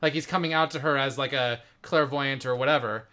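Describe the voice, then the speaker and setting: A man co-hosting a podcast, telling stories in an animated, emotional way. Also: medium pitch, a little fast, smooth. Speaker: podcast co-host. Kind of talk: casual chat.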